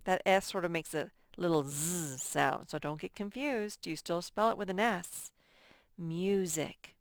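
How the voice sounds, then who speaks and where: Slow, clear-voiced woman teaching spelling. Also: fairly low pitch, no echo, clean studio sound. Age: adult. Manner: slow, sounds out words syllable by syllable. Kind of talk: first-grade spelling lesson.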